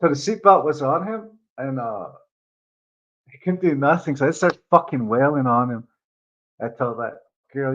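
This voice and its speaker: A man's voice: medium pitch, animated, normal speed, long pauses, a bit bright. Rambling man telling a story, lo-fi. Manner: rambling, profane, lots of fillers. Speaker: vlogger. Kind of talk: casual storytelling.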